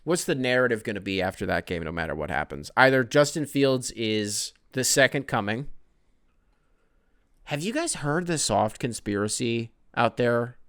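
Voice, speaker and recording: A man's voice: medium pitch, animated, moderate pace, fairly bright tone, no room sound, studio quality. A man hosting a casual solo sports podcast who rambles, swears freely, jokes and reads listener emails aloud. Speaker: podcast host.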